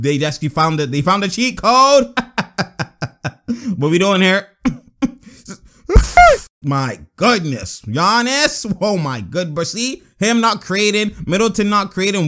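A man with a fairly high voice reacts to basketball highlights in casual, slang-heavy commentary. He laughs a lot, repeats himself and jumps between excitement and breakdowns of plays. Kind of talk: casual reaction commentary over game clips.

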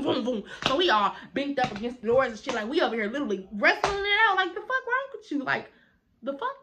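A woman vlogger telling a story to camera in a casual, animated, blunt and profane way, repeating phrases for emphasis. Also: a little high, a little hiss or hum.

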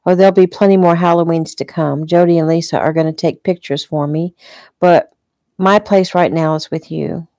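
A worried, loving young wife sitting at a hospital bedside, read by a woman. She speaks gently and reassuringly, her voice low and mellow with a gravelly edge. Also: fairly even intonation, moderate pace, no room sound, natural voice. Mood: caring.

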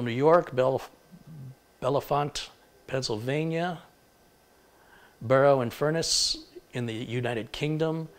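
Man reading out viewer locations on a livestream. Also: medium pitch. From Michigan. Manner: reads out place names briskly, stumbles over pronunciations. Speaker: tech livestream host. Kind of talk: live stream, reading viewer shout-outs.

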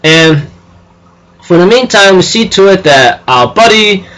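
A man's voice: high-pitched, expressive, measured pace, a bit bright, rough recording. A man casually recapping an anime episode, rambling with lots of fillers and repeated phrases. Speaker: anime reviewer.

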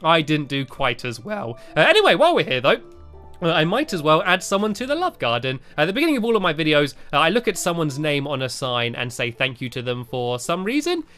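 A man giving playful, excitable commentary over a video game, often filling pauses with "uh". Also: on the high side, soft background music. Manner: animated and excitable, frequent "uh" fillers. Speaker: gaming video host. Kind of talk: playful let's-play commentary.

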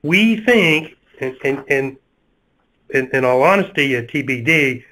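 A man with a Southern US accent, speaking as a panelist in a webinar discussion, halting and full of fillers and restarts. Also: mid-range voice, expressive, sharp tone, poor audio.

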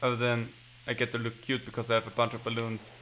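A man's voice: mid-range voice, monotone, quick pace, bright, forceful tone, a little hiss or hum. A man giving casual, rambling, self-mocking commentary while he plays a video game. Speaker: gaming channel host. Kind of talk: casual let's-play commentary.

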